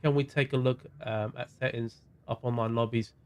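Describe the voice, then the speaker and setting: A man's voice: mid-range voice, fairly even intonation, normal speed. Chatty South London man streaming. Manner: chatty, greets viewers by name, drifts into mumbled asides. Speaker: sim racing streamer. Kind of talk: casual livestream chat while gaming.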